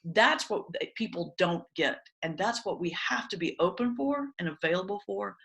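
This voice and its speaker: A woman, a pastor and stand-up comedian, teaching in a conversational webinar talk with animated storytelling and comic timing. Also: mid-range voice, normal speed, poor audio. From Southern United States.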